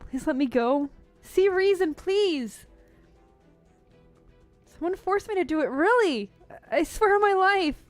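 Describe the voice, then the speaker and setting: A woman's voice: extremely high pitch, animated, unhurried, pauses often, dry recording, faint music behind, pitched above the performer's own voice. A woman voicing a panicked young woman thief who begs frantically for mercy. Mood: pleading. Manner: pleading, frantic.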